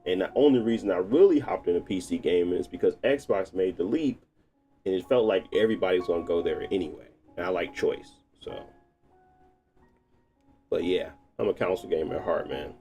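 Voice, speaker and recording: A man streaming live, chatting casually while tinkering with settings, thinking out loud and laughing often. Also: sits low, a little fast, faint music behind. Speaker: gaming streamer.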